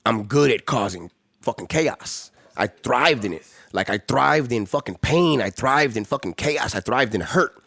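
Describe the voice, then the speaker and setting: A man's voice: medium pitch, expressive, measured pace, gravelly, fairly bright tone, dry recording, studio quality. A man from the Los Angeles area, a podcast guest telling stories in a casual way with lots of profane street slang. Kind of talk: casual storytelling.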